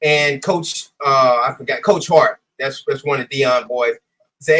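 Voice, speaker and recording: A man, a former high school baseball coach, telling a story in a casual interview, acting out the dialogue and swearing freely. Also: a little slow, fairly bright tone, rough recording.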